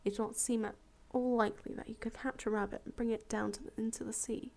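A woman reading a fable aloud as a storyteller, relaxed and chatty, with casual asides and self-corrections. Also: on the high side, quick pace.

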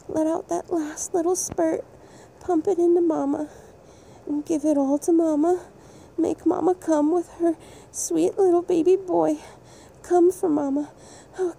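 Woman doing a soft cooing furry cow mama creature, adult audio roleplay, high voice, real slow and soothing. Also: gravelly, slight background noise. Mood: eager. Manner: slow, soothing and affectionate, hushing often. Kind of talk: intimate adult audio role-play.

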